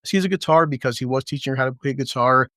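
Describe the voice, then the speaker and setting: A man's voice: medium pitch, bright, forceful tone, dry recording, studio quality. A man giving a crude, sarcastic casual review of a TV episode, sometimes slipping into mocking character voices. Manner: impersonates characters in quick asides. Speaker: TV show reviewer.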